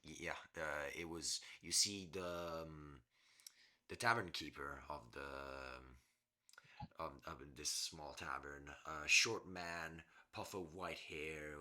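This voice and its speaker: Very deep-voiced male game master. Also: unhurried. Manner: relaxed, hesitant, many restarts. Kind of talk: narrating a tabletop game.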